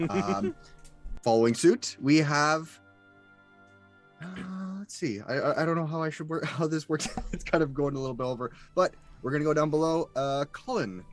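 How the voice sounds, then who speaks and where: A man's voice: a little high, normal speed, faint music behind. A man hosting a live tabletop game as dungeon master, chuckling and improvising his way through the introductions.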